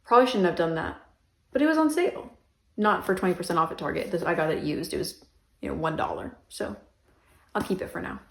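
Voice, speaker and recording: A woman's voice: lowish voice, animated, quick pace, creaky. Chatty young woman in an echoey room. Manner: chatty, rambling, self-mocking, lots of "um" and "like". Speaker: book vlogger. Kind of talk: casual chatty vlog. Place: bedroom.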